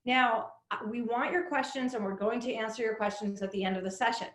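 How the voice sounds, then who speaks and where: A woman's voice: fairly high pitch, a little fast, fairly bright tone. Chatty woman hosting a webinar, roomy. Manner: chatty, upbeat, many "um" fillers. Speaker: head of community, webinar host. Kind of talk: webinar host introduction.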